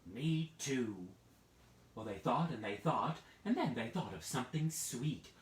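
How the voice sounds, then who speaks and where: A man's voice: medium pitch, moderate pace. A man telling a children's story live online, playful, and prompting listeners to act along. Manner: playful, lively, addresses listeners with hand-play prompts. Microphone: video call. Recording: roomy, distant from the mic.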